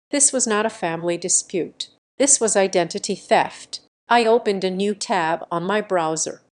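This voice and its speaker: Steady woman narrating a revenge story. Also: mid-range voice. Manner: measured, steady, clipped sentences. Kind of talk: scripted first-person story narration.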